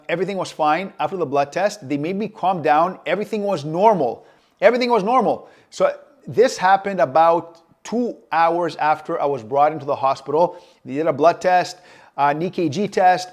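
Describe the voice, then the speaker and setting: A man telling a personal story to camera, in an anxious, vivid way with fillers and repeated phrases. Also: fairly high pitch. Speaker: vlogger.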